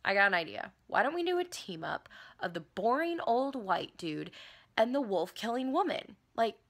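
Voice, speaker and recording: A woman's voice: fairly high pitch, sing-song, moderate pace, fairly bright tone, heavily acted. Woman voicing eager scheming campaign man, smug, slangy, punchy. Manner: pleased with himself, slangy.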